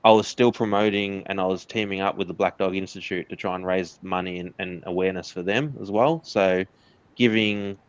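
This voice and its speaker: Australian man, interview guest, candid and earnest, lowish voice, muffled lo-fi sound. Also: steady tone, fairly quick. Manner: candid, earnest storytelling with laughs. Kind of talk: casual interview chat.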